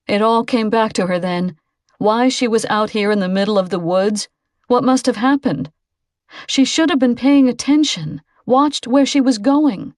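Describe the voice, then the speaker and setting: A woman's voice: on the high side, moderate pace, a little mellow, no room sound, studio quality. Woman narrating a novel aloud. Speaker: audiobook narrator. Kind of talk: scripted narration.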